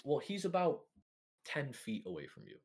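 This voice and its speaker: Casual male game master, lively voice. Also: medium pitch, normal speed, breathy edge. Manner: casual, rambling, many fillers and laughs. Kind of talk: narrating a tabletop game.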